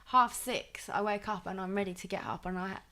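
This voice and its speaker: Young woman singer, bright crisp voice, chatty, laughs easily. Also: mid-range voice, steady tone, fairly quick. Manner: chatty, laughs often, acts out bits of conversation. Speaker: singer in a band, interview guest. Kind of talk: casual chat.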